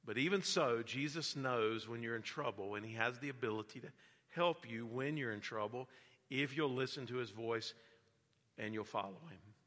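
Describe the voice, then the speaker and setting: Bright-voiced preacher in a reverberant hall. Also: male voice, medium pitch, moderate pace. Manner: rises to loud emphatic preaching, then drops to quiet earnest teaching. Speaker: pastor. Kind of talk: sermon.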